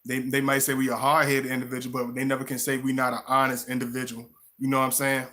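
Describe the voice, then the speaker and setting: Bright-toned man rambling on a live stream. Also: medium pitch, monotone, quick pace. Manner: rambling, with frequent restarts and repeated words; warm, greets viewers by name. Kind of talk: casual live-stream talk.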